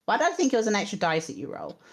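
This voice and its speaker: A woman's voice: medium pitch, huge pitch swings, rapid-fire. A woman acting as game master of a tabletop game, narrating and thinking aloud through the rules.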